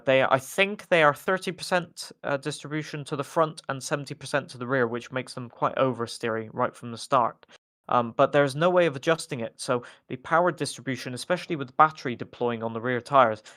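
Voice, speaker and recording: A man co-commentating a sim rally stream, explaining car handling in a measured way. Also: medium pitch, a bit bright. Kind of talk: analytical race commentary.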